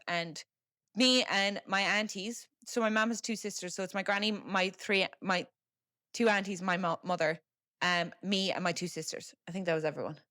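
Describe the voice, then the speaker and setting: Recorded cleanly in a studio with no echo, this podcast host is a young adult woman from Ireland whose voice sits on the low side and is a bit bright. She's frank and chatty as she shares a family story, dropping plenty of fillers and an occasional swear word.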